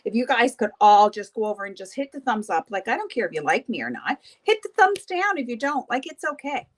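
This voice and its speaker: A woman's voice: a little high, sing-song, fairly quick. A woman hosting a beauty livestream, chatting casually with viewers while doing her makeup, gossipy and often laughing.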